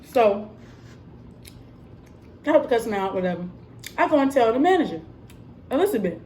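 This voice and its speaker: A young woman telling a story in a casual, animated vlog style, emphatic and full of fillers. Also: a little high, normal speed, a little hiss or hum. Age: young adult. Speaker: vlogger and cosmetics counter worker.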